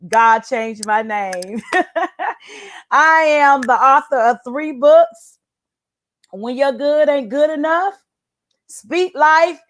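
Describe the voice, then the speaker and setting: Guest author, woman, high voice, slow and unhurried, exuberant. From United States. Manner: exuberant, preachy, laughs and shouts often. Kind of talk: casual chat.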